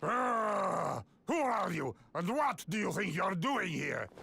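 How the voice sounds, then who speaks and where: A stern Russian ship's officer in a video game, speaking in a slow, husky rasp with a Russian accent. His words come rough and gravelly, with music faint behind him. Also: high-pitched, big pitch swings, sharp tone, exaggerated voice. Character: gruff male Russian maritime officer, stern. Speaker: game character.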